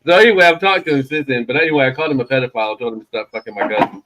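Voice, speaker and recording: A man's voice: medium pitch, animated, racing, background noise. A man, from Florida, co-hosting a casual morning show and telling a rambling, profane story.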